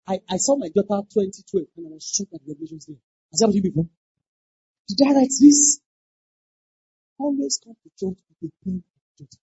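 A pastor delivers a sermon in a rough, very husky voice whose pitch leaps around with lively energy. The delivery is emphatic, with repeated phrases and sudden shouted cries. The recording sounds dull and lo-fi, with a dry, close sound. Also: no echo. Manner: emphatic, repeats lines, bursts into shouted exclamations.

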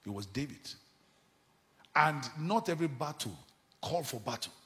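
Pastor guy preaching hard, kinda high voice, swoops all over, shouts then goes quiet. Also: lively intonation, normal speed, in a large hall. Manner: fervent preaching with sudden shouts and hushed asides. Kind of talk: sermon. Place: church.

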